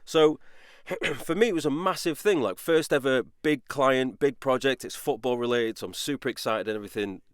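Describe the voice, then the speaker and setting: A man's voice: medium pitch, moderate pace, hardly any pauses, no echo, studio quality. A man, a podcast co-host and voice actor, telling a candid personal story in a casual, self-deprecating way. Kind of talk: casual chat, personal anecdote.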